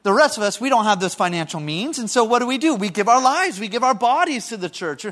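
A man's voice: very high voice, expressive, quick pace, a bit bright. A man in his thirties, a pastor preaching a sermon in a conversational way, with repeated phrases and questions to the congregation.

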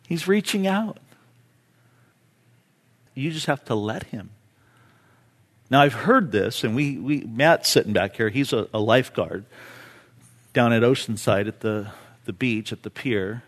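A man preaching a sermon with personal stories, impassioned, swinging from hushed to loud and pleading. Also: medium pitch, a little slow. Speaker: pastor.

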